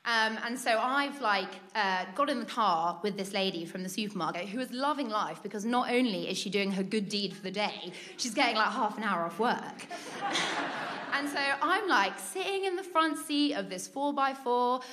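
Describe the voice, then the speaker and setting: A British woman tells a funny story from her own life in a bright, clear voice that sits a little high. She chats along, breaks into laughter often, and slips into little voices for the people in it. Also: expressive, moderate pace, slight background noise. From Britain. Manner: chatty, laughs often, acts out quotes. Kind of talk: comic personal anecdote.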